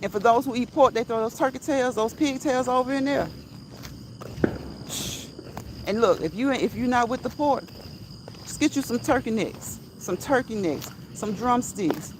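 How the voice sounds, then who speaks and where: A woman's voice: fairly high pitch, moderate pace, background noise. A woman, chatting casually on a livestream, reading viewer comments, laughing often and repeating phrases for emphasis. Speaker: host. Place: outdoors while walking.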